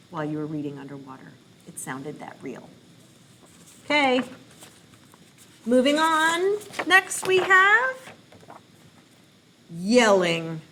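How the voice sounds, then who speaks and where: Woman, children's librarian, clear and bright tone, silly and encouraging, faint background noise. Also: fairly low pitch. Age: adult parent. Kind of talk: playful read-aloud program for kids.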